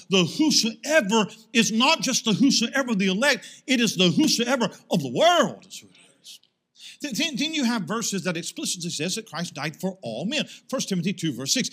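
A high-voiced man, pastor of his church, delivers a sermon to the congregation; he asks rhetorical questions and builds into loud, emphatic swells.

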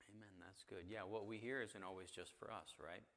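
A man's voice: fairly low pitch, fairly even intonation, brisk, creaky, a bit bright, big-room sound. A man leading an interactive Bible class, talking conversationally and asking the group questions. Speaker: church teacher. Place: church hall with a group.

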